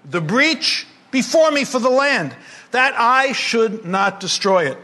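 A man preaching a sermon to a congregation, animated and humorous, moving between emphatic and hushed delivery. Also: extremely high pitch, slow pace. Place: congregation gathering.

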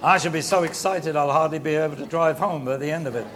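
A man's voice: a little high, quick pace, noisy background. A man preaching a sermon, urging the congregation to speak out, his voice strained.

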